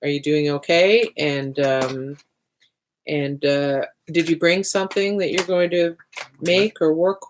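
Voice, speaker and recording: A woman with a low, deep speaking voice hosts a casual livestream while she draws. She talks in a chatty, loose way, breaking off and restarting sentences and muttering to herself as she works. A faint hiss sits under the recording. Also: fairly even intonation, slow. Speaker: host of a livestreamed art party.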